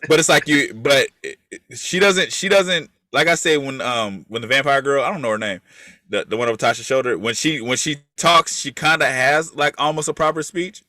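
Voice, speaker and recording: A man's voice: medium pitch, a little fast, no echo. A man co-hosting a casual talk show about a TV series, acting out characters' lines and swearing freely. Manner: animated, acts out characters' lines. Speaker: podcast co-host. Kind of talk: casual chat about a TV episode.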